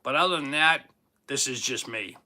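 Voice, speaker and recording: A man's voice: medium pitch, normal speed, bright, forceful tone. A man in his fifties with a Boston accent, hosting a casual livestream, joking and chatting as he reads viewer comments. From Boston, Massachusetts. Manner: jokey, chatty, self-teasing. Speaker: livestream host.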